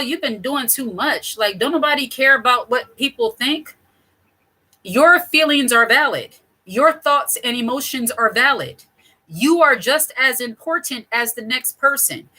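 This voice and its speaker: A woman's voice: a little high, pushed and bright. A woman in her thirties hosting her own channel, talking to camera in a candid, chatty way with small laughs and self-corrections. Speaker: channel host. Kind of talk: casual talk to camera.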